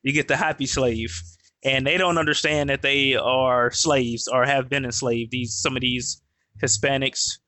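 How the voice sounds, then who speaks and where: A man's voice: mid-range voice, steady tone, measured pace, bright, forceful tone, dry recording. A man hosting a podcast, talking in a blunt, questioning way and often repeating himself. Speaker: podcast host. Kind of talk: casual podcast conversation.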